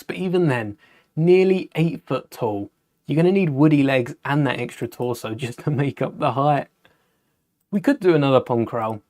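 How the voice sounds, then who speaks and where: Building Lego on a live stream, a British man chats casually, musing aloud and responding to viewers' questions. His voice is medium-pitched and a little mellow.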